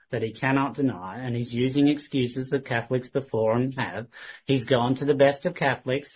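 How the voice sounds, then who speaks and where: Husky guy telling his church about a bible argument, does the other dude's lines, kinda muffled recording. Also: mid-range voice. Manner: lively retelling that mimics the other man's lines. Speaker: church member recounting a witnessing conversation. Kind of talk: storytelling testimony to a congregation.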